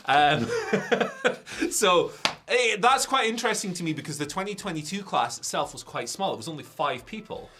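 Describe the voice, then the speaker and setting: Bright-voiced Scottish man, jokey news host. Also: high-pitched, animated, slightly rough. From Scotland. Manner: quick, jokey, laughs often. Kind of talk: casual news chat.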